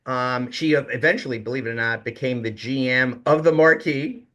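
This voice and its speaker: Middle-aged male guest, bright forceful tone, animated storyteller. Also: mid-range voice, moderate pace, muffled recording. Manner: animated storyteller, quotes others with emphasis. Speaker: guest, hotel executive. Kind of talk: casual interview storytelling.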